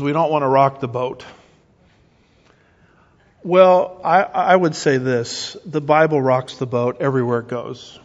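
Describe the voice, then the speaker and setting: A middle-aged man preaching emphatically, asking rhetorical questions and restarting his phrases. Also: medium pitch. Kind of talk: sermon-style teaching. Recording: muffled recording with long reverb.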